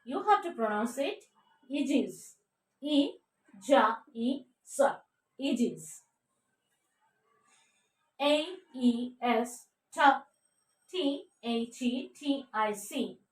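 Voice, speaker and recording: A woman teaching pronunciation, drilling words slowly, spelling out letters and checking with "okay?" between them. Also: fairly high pitch, expressive, recorded from a distance. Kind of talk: slow drilled pronunciation lesson. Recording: echoey room, a bit off mic.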